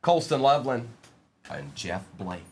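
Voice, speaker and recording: A man's voice: mid-range voice, sing-song, unhurried, breathy edge. A man hosting a live-streamed trading card break, reading out player names and bantering with the chat in a playful way.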